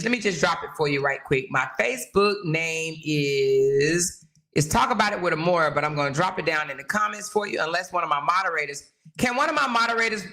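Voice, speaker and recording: Chatty bright-voiced woman host. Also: mid-range voice. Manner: animated, chatty, laughs often, addresses viewers directly. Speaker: host of a live talk stream. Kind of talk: casual gossip chat with live viewers.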